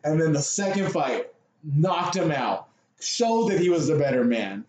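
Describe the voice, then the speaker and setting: A young man co-hosting a podcast, chatting casually and excitedly, swearing and laughing a lot. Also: on the high side, unhurried, a little hiss or hum. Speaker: podcast co-host. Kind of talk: casual chat. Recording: echoey room.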